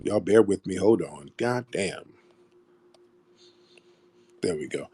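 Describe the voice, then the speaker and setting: Guy hosting a call-in show, warm mellow voice, preachy and emphatic, keeps repeating himself. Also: low voice, lively intonation, takes it slowly, breathy edge. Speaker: host of a call-in stream. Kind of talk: opinionated call-in commentary.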